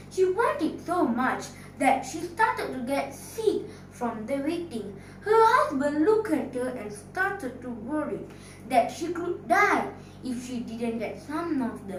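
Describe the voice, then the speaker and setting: A woman teacher telling a fairy tale in a storytelling competition, dramatic and expressive, recorded from a distance in an echoey room. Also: high voice, a little hiss or hum. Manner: expressive, dramatic storyteller asking the audience questions.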